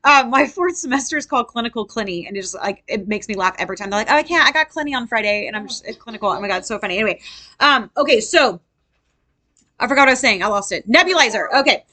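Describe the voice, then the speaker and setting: Animated bright-voiced woman tutoring nurses. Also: on the high side, fast talker. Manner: animated, quizzing students, acts out patients. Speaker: nursing tutor. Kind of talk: casual classroom review lesson.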